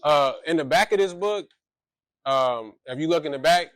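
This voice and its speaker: A man's voice: on the high side, moderate pace, no room sound. A man giving a casual reading talk to schoolchildren, rambling and full of fillers. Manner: loose, rambling, filler-heavy.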